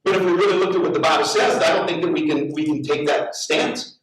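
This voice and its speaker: A middle-aged man preaches, animated and story-driven, stumbling over repeated words as he builds up. His voice sits fairly high for a man. It comes from well off the microphone in a very echoey church hall. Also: fast, recorded from a distance, soft background music. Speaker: pastor. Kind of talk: sermon with storytelling. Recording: very echoey hall, heard from afar.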